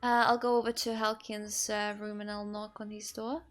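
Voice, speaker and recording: A woman playing a tabletop game who speaks in an unhurried way and laughs easily. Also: mid-range voice, level tone, faint music behind. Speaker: player. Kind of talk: casual tabletop play.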